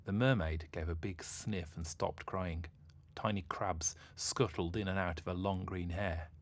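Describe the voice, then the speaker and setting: Expressive male storyteller. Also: sits low, measured pace, dry recording. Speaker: narrator. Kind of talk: storybook narration for children.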